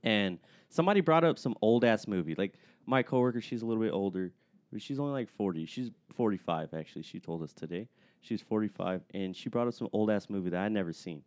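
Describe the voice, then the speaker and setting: A man telling a casual story in a laid-back, profane, animated way. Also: lowish voice, fast talker, dry recording. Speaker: podcast co-host.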